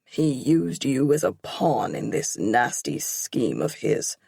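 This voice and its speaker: A woman voicing a stern, low-voiced father. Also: lively intonation, creaky, dark tone, slightly rough, no echo, heavily acted. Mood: stern, gentle. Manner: hard, low, measured. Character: stern protective father, crime boss. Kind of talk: audiobook narration.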